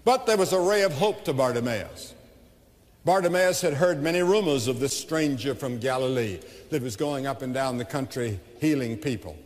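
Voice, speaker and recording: A man's voice: fairly high pitch, a little mellow. Older preacher man, revival sermon, dramatic storytelling, big echoey arena sound. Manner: impassioned, dramatic storytelling, voices the characters. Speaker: evangelist preacher. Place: large indoor arena.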